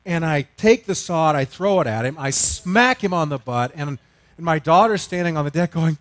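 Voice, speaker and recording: Animated man preaching with a dry close sound. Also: fairly high pitch, moderate pace, dry recording. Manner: animated, self-mocking storytelling with big swings from loud to hushed. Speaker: pastor. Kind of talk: sermon storytelling.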